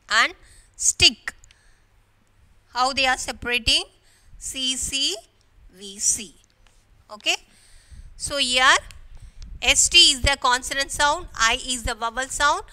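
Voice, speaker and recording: A woman with an Indian English accent teaches a grammar lesson to schoolchildren at an unhurried pace. Her voice sits high, bright and smooth. She keeps asking the class questions and filling the gaps with "okay". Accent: Indian English, from Kerala. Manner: slow, repetitive explaining with frequent "okay" and rhetorical questions.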